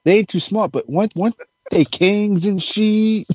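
High raspy guy cutting in with reactions, dull lo-fi sound. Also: moderate pace, no room sound. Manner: loud reactive interjections and laughter. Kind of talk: casual chat reactions. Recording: dull dry lo-fi recording.

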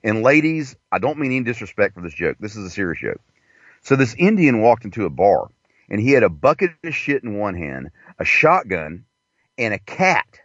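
A man's voice: on the low side, sing-song, moderate pace, fairly bright tone, slightly rough, dry recording. A man doing a rambling, profane comedy monologue from inside a parked car. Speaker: comedian host. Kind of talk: crude stand-up monologue. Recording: dull lo-fi, dry.

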